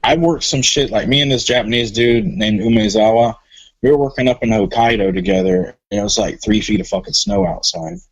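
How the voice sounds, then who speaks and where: A man's voice: medium pitch, brisk, creaky, slightly rough, dry recording, low-quality recording. A man talking as a podcast guest about his wrestling career, telling stories in a loose, profane way. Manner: profane, animated storyteller. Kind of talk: casual chat.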